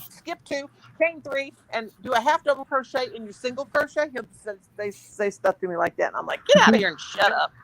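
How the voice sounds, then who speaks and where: A woman's voice: mid-range voice, gravelly, fairly bright tone, low-quality recording. A middle-aged woman, chatting casually and laughing often while she crochets and counts stitches aloud on her channel.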